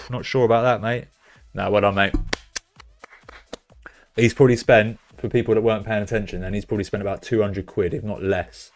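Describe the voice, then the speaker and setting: A young man with a British accent hosts a casual live stream, speaking in a fairly low voice. He rambles through his advice and then erupts into loud, swearing excitement over the results. Faint music plays softly behind him. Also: a little fast, pauses often. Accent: British English. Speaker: streamer hosting a fantasy football stream. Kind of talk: casual live-stream chat, reading out chat messages.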